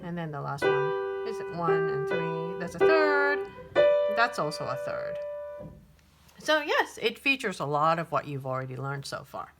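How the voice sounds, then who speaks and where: A woman talks through a piano lesson at an unhurried pace, her voice swinging up and down as she counts and hesitates. Loud piano plays behind her. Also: sits low, big pitch swings. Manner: patient, counts beats and sings rhythms aloud; hesitant, many ums and restarts. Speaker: piano teacher. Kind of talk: piano tutorial. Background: piano playing.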